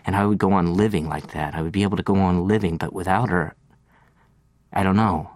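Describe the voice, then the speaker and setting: Deep-voiced man reading reflectively. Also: fairly even intonation, darkish tone, no echo. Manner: slow, reflective, lingering over details. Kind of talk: reading a literary first-person monologue.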